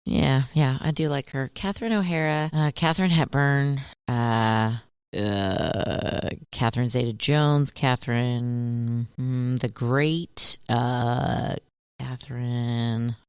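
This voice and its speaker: A woman co-hosting a radio show in casual banter, playful and quick to try silly impressions. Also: a bass voice, fairly even intonation, clear, resonant tone, no echo, studio quality.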